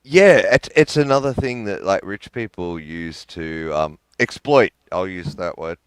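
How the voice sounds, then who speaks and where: Smooth low-voiced joking man. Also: animated, measured pace, no echo. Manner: casual, joking, crude. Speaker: panelist. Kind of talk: casual online panel chat.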